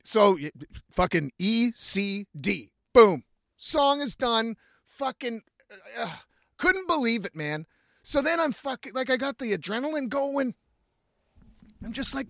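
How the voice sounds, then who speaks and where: A man's voice: very high voice, unhurried, dry recording, clean studio sound. A man telling a story about being on set, swearing constantly and acting out what people said. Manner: profane, animated, acts out quotes. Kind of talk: profane casual storytelling.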